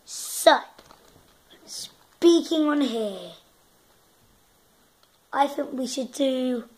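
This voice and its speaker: A woman's voice: high-pitched, expressive, very slow, darkish tone. A young woman vlogging casually, hesitant and self-conscious as she tries out accents. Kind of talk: casual vlog, trying out accents.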